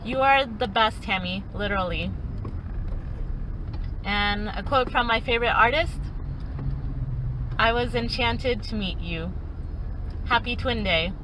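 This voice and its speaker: A young woman with a fairly high voice speaks slowly and playfully. She records outdoors, with clear street and traffic noise behind her, and hams up her lines with mock drama. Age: young adult. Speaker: student club member. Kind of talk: recorded farewell message.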